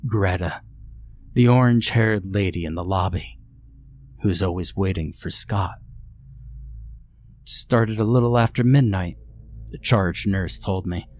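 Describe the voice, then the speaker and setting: A man's voice: deep voice, a little slow, pauses often, darkish tone. A man narrating a horror story in the first person, in a dry, matter-of-fact manner. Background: faint music.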